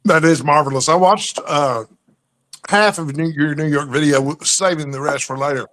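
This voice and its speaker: A man's voice: on the high side, moderate pace, a bit bright. Chatty man hosting a casual talk. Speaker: host. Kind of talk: casual chat.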